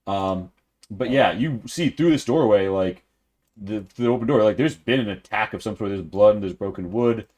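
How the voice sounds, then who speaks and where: Low-pitched male game master, loose rambling narration. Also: normal speed, a little mellow. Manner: rambling, filler-heavy description.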